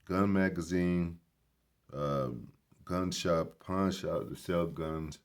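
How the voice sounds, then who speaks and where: Very deep-voiced man ranting casually. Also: slow. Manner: emphatic, preachy, blunt with swearing. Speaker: vlogger. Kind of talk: casual rambling commentary. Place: grocery store.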